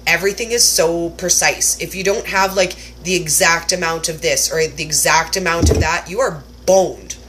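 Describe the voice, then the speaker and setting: A woman talking straight to camera in a casual cooking vlog, with a bright, forward voice. She is animated and pokes fun at herself, and slips into overdone voices to act out how she used to react. A faint hum of room ambience sits under her talk. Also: lowish voice. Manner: animated and self-mocking, acts out her own past reactions in exaggerated voices. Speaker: cooking vlogger.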